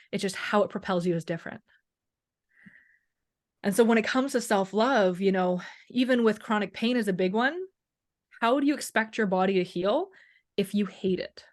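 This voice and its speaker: A woman talking casually as a wellness coach in an interview, animated and acting out quoted voices, peppering her speech with "like" and "you know". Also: mid-range voice. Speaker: chronic pain and wellness coach, guest.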